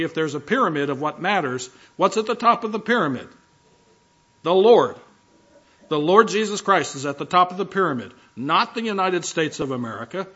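A man's voice: fairly high pitch, a bit bright, highs cut off. A man preaching a sermon as pastor, emphatic, driving home key phrases by repeating them.

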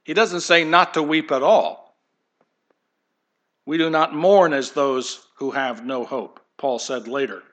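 Male pastor, sermon, fairly high bright voice, conversational with humorous asides. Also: steady tone, takes it slowly.

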